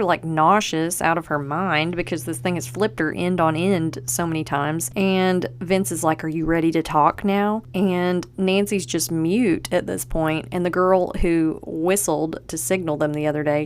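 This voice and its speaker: A woman's voice: on the low side, clean tone. A woman podcast host chatting casually through a TV episode recap, acting out the characters' lines as she goes. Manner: chatty, acts out quotes from the show.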